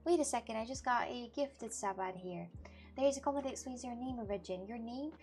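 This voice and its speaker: Chatty high-voiced woman streaming live. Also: brisk, a little mellow. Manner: chatty, laughs often, answers chat with many restarts. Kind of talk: casual IRL livestream chat.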